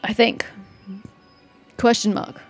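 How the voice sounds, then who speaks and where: A woman gamer with a sore throat, giving sarcastic, chatty commentary while she plays. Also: slow pace. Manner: sarcastic, chatty, teasing characters. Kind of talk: let's-play commentary. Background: faint game music.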